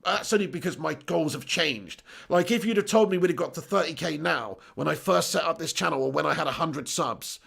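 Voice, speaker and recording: Chatty lad with a gravelly voice. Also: male voice, high voice, a bit bright. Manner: chatty, laughs often, reads out viewer comments. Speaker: YouTube channel host. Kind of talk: casual live-stream chat.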